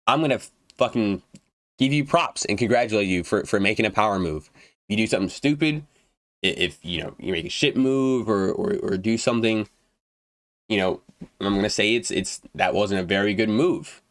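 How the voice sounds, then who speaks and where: In a raw, unedited rant to camera, this young gaming YouTuber is profane and blunt about video games, fumbling and restarting phrases as his throat dries. He speaks at a moderate pace in a lowish, slightly bright voice, with no room sound.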